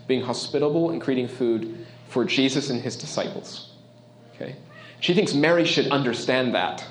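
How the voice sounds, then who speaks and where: A man preaching as a pastor delivers his sermon in a medium-pitched voice, conversational and emphatic, regularly checking in with listeners. The recording carries a roomy echo plus a little hiss or hum.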